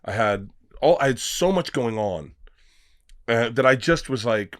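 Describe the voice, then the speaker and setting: A man who is a comedian guest on a podcast, telling stories in a casual, animated way, acting out the voices in his stories and swearing freely. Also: medium pitch, unhurried, no echo, studio quality. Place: podcast studio.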